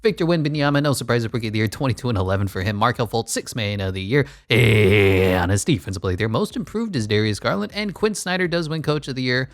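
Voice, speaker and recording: A man's voice: medium pitch, expressive, fast, few pauses, dry recording, clean studio sound. A man giving casual, blunt commentary while playing a basketball management game, full of wry asides. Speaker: gaming YouTuber.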